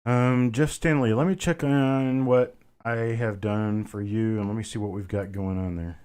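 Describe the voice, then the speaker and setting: A man's voice: on the low side, fairly even intonation, normal speed, a little mellow, clear, resonant tone. A middle-aged man hosting a live coin auction stream, casually chatting with viewers and answering their comments by name. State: a bit winded.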